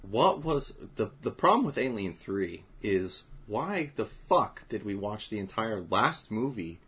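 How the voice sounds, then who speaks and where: A man's voice: lowish voice, big pitch swings, a little slow, fairly bright tone, husky. A man hosting a podcast, ranting bluntly and swearing in casual chat. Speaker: podcast host.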